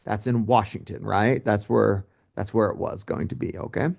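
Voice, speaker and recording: A man teaching a history lesson in a casual, joking way, with lively asides to his students. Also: on the low side, normal speed, gravelly. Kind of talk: recorded history lecture.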